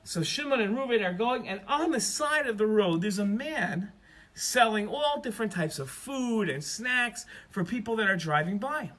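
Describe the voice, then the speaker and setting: A man narrating a children's story as a storyteller, in an animated, expressive way. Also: sits high, normal speed.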